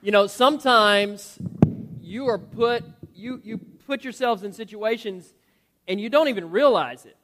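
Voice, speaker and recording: A man hosts a church gathering and speaks in an earnest, preacherly way. His voice sits high for a man. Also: a little slow, a bit bright. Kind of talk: short preaching remarks.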